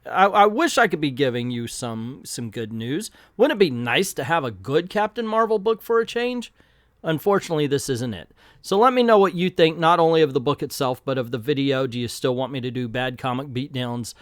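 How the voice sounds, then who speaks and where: A man hosting a channel, giving a sarcastic, animated commentary review of a comic book. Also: medium pitch, fairly quick, no room sound, studio quality.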